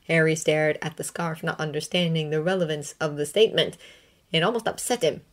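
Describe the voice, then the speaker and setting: Low-voiced woman reading a story. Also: steady tone, fairly quick. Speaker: reader. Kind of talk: emotive reading of a fanfiction story.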